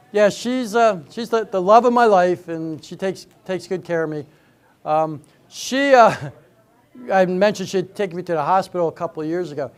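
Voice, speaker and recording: Older man doing high-pitched stand-up. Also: smooth. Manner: chatty storytelling, banters with the audience. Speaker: stand-up comedian. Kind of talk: stand-up comedy routine. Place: senior center hall before a live audience.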